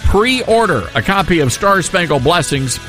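A man's voice: sits high, big pitch swings, measured pace, a bit bright, faint music behind. A man hosting a talk show, speaking in a folksy, enthusiastic way. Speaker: radio talk host. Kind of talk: casual talk radio monologue.

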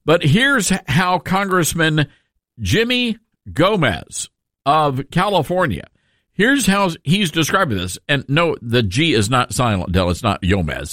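A man's voice: a little high, very animated, unhurried, a bit bright, no room sound, studio quality. A male radio host giving a sarcastic, emphatic talk radio monologue, with frequent asides to his listeners.

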